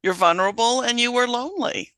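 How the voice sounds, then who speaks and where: A middle-aged woman hosting a casual interview, encouraging and quick with short affirmations. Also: fairly high pitch, pushed and bright, no echo. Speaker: podcast host.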